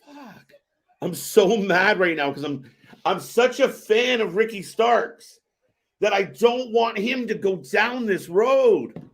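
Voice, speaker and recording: A man hosting a live wrestling watch-party stream, giving excitable, profane reaction commentary. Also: high voice, slow. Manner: excitable and profane, swearing often.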